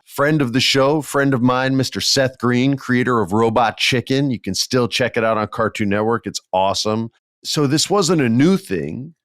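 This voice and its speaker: Man host, deep voice, dry close mic, animated jokey storyteller who acts out quotes. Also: no room sound. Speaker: podcast host. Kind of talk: casual storytelling monologue. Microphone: podcast mic, on video.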